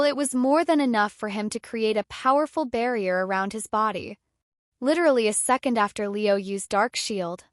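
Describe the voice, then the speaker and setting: A woman narrating a fantasy audiobook in a steady, measured way, close to the mic. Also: on the high side, dry recording.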